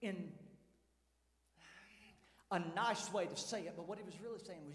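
A man preaching a sermon as pastor, dramatic, swinging from shouts to hushed tones. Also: sits high, a little fast. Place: large church sanctuary. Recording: echoey hall with long reverb.

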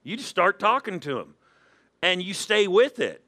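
A man preaching a sermon in church, animated and acting out quoted voices. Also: sits high, moderate pace. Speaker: pastor.

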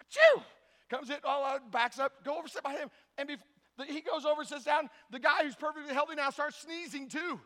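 A pastor preaching a sermon, telling stories with animated voices and acting out the characters. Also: male voice, extremely high pitch, quick pace, long reverb tail.

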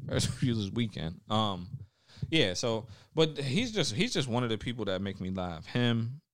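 A man's voice: mid-range voice, expressive, measured pace, dry recording, clean studio sound. A young man hosting a casual podcast, talking loosely with lots of swearing, trailing off and restarting. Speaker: podcast host.

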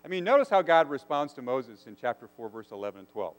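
A man's voice: mid-range voice, very animated, fast talker. A man preaching a sermon, earnest and asking his listeners questions. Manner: earnest, asks the congregation rhetorical questions. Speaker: pastor. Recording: long hall reverb.

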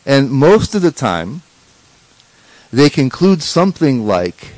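A man teaches a scripture class in a relaxed, conversational way. He often restarts his sentences and tosses rhetorical check-ins to his listeners. His voice sits at a middle pitch in a dry, close-sounding recording. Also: slow, pauses often, dry recording, rough recording.

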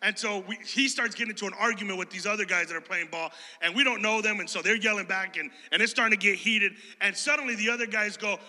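A man from Chicago preaching a sermon in a church hall, animated and conversational, joking and telling stories to his congregation. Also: sits high, fast talker, few pauses. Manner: animated, conversational, jokey storyteller.

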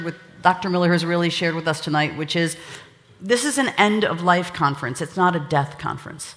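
A man, a rabbi hosting a conference, speaking in a lively, joking, emphatic way. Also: a little high, fairly quick, a little hiss or hum. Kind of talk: conference talk. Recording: long hall reverb.

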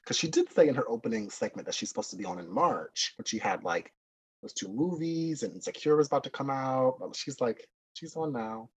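A man's voice: mid-range voice, lively intonation, brisk, husky, low-quality recording. A man co-hosting a casual pop culture chat, chatty and opinionated, laughing often. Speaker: podcast co-host.

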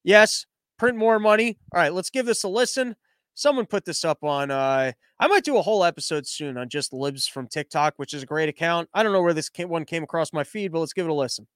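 A man's voice: a little high, animated, quick pace, dry recording. A man hosting a podcast, ranting through political commentary in a sarcastic, profane, mocking way. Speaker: podcast host.

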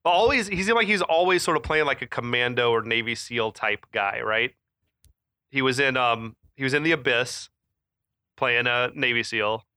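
Guy with a bright, sharp voice, dry mic, chatty movie talk, laughs a lot. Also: mid-range voice, normal speed, no room sound. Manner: chatty, laughs easily, lots of fillers. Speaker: podcast co-host. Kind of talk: casual chat about movies.

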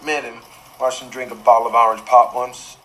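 A man's voice: medium pitch, flat delivery, brisk, fairly bright tone, natural voice, low-quality recording. An actor playing a plainspoken man in a film drama, talking in a dry, matter-of-fact way. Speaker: film character.

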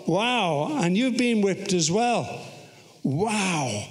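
A man gives a lively sermon in a high voice, teasing his listeners with questions. He reads scripture with rising emphasis. His voice carries a long reverb, as if in a big church hall. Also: takes it slowly. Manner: playful, asks the audience to sit down or stand. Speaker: preacher.

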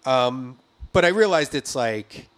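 Male podcast host, average pitch, reflective and rambling. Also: lively intonation, slow, fairly bright tone. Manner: rambling, filler-heavy, reflective. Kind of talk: casual chat.

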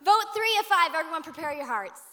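A woman's voice: extremely high pitch, animated, fairly quick, bright, forceful tone. An out-of-breath woman assisting the pastor on stage, bubbly and self-deprecating. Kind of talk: lively stage banter. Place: large church auditorium. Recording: long hall reverb. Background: music playing.

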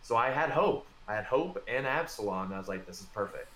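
A man's voice: mid-range voice, lively intonation, brisk, a bit bright, echoey room. A man co-hosting a casual chat about a tabletop miniatures game, giving firm advice in a loose, conversational way. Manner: conversational, gives firm advice with filler words. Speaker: podcast co-host.

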